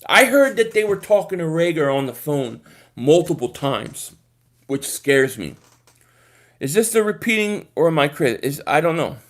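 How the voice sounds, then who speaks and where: A young man hosting a casual live stream, reading comments and rambling excitably about football with lots of repeated words. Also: sits high.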